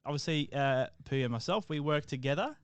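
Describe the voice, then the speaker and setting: A man's voice: on the high side, lively intonation, a little fast, clean tone, dry recording. A man from Australia with an Australian accent, co-hosting a podcast in laid-back, jokey chat. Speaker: podcast co-host. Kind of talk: casual chat.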